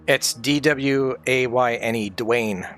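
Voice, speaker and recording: A man's voice: medium pitch, slow pace, a bit bright, soft background music. A man streaming from home, grieving, talking candidly in a rambling, sweary way. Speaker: livestreamer. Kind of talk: casual livestream chat.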